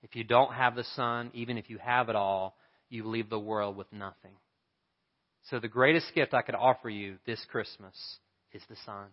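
An earnest male pastor preaches and tells a story at a middling pitch. His voice rings with a long hall reverb, and the recording sounds dull and lo-fi. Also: fairly even intonation, moderate pace. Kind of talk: sermon.

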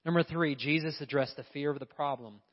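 A man's voice: fairly high pitch, a little fast. A male pastor preaching a sermon in a church, emphatic and often putting questions to the congregation. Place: church sanctuary. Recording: long reverb, dull lo-fi sound.

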